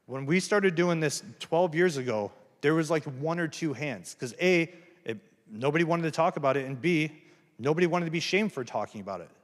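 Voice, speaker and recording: At a campus event, a recovery speaker shares his personal testimony, his voice on the high side, lively and fairly quick. His talk is earnest and frank, laced with self-deprecation and plain language, and echoes with hall reverb.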